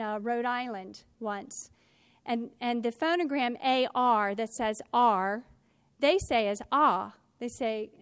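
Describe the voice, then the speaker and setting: A middle-aged woman lecturing a class as a teacher trainer, slowing down to stress key words and hurrying through asides. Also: high voice, no room sound.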